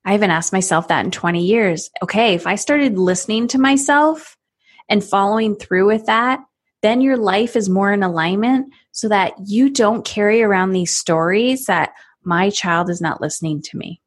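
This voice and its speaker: A woman's voice: mid-range voice, normal speed. A woman in her thirties, a parenting coach, talking in a podcast conversation and acting out little scenes in different voices. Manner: animated, acts out scenes with voices.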